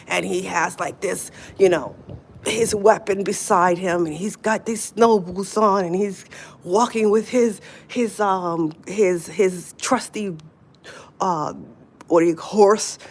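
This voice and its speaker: A middle-aged woman chatting casually on a livestream from outdoors in the snow, laughing often, with wind behind her. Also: medium pitch. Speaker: livestream host. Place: outdoors in snowy weather. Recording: faint wind noise outdoors.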